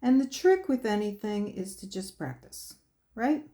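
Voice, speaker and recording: Woman, art lesson host, slow, mellow, chatty, talks to herself. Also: medium pitch, big pitch swings. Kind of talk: painting demonstration.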